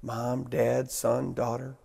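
A man preaching a sermon as pastor, swinging from raised, emphatic lines to hushed ones and repeating phrases for emphasis. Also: medium pitch, monotone, takes it slowly, creaky.

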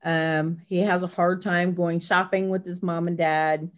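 An older woman, a grandmother, chatting as a guest in an interview and telling a family story in a casual, animated way. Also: unhurried. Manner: chatty, acts out family quotes with lively pitch jumps. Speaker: guest, herbal blend maker.

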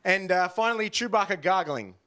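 A man's voice: high voice, animated, fairly quick, bright, forceful tone. A man in his thirties doing a rambling, self-deprecating stand-up set, full of ums and uhs. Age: 30s. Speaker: stand-up comedian.

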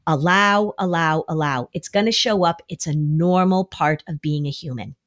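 A middle-aged woman giving anxiety advice on a podcast, explaining her points and acting out quoted lines with lively shifts in voice. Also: low voice, moderate pace. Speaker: anxiety expert.

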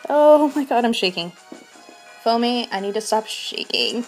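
A young woman streaming a video game, breathless and shaking with excitement, gushing and repeating her exclamations. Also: on the high side, measured pace, faint music behind. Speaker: shiny hunting streamer. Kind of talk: excited live game commentary.

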